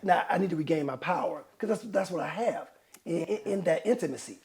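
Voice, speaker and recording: Middle-aged male podcast host, gravelly and high-pitched, candid counselor who acts out his anecdotes. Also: fairly quick. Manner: animated storyteller, acts out quotes, laughs often. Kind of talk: candid conversational advice.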